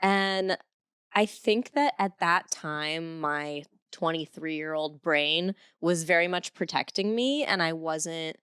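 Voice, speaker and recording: A woman's voice: deep voice, slow, a bit bright, clear, resonant tone, dry recording, clean studio sound. A woman in her thirties from Cleveland, hosting a podcast and telling stories candidly with frequent swearing. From Cleveland, USA. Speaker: podcast host. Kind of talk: casual chat.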